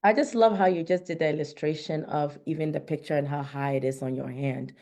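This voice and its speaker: A woman's voice: low-pitched, fairly even intonation, a little fast, mellow. A woman hosting an online Q&A, encouraging her guest and asking follow-up questions. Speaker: webinar host.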